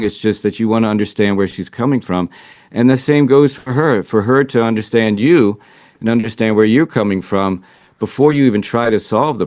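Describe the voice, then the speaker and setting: Reflective lowish-voiced male relationship coach. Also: a little mellow, no room sound, clean studio sound. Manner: earnest and reflective, thinking aloud. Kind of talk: interview answers, casual advice.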